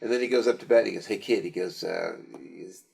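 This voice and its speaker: A man's voice: sits low, quick pace, gravelly, a little mellow, slightly rough. A man co-hosting a podcast, animatedly retelling scenes from a movie. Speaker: podcast co-host. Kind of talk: casual chat about movies.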